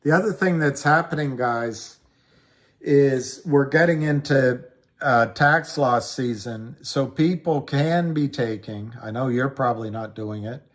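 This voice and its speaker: A man hosting a casual livestream, chatting slowly and rambling while reading viewer comments aloud. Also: medium pitch. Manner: slow, rambling, reads chat comments aloud. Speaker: livestream host. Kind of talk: casual livestream chat about stocks.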